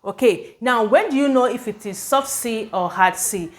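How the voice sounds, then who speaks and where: A woman teaching English spelling, explaining patiently, sounding out words and often checking that her students follow. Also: fairly high pitch. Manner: explanatory, repeats words slowly, checks understanding. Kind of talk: spelling lesson at a board.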